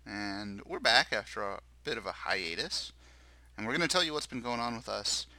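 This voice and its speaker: A man's voice: lowish voice, expressive, normal speed, vocal fry, pushed and bright, no room sound, rough recording. A man hosting a podcast in casual banter, joking and self-deprecating as he rambles through his week. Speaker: podcast host.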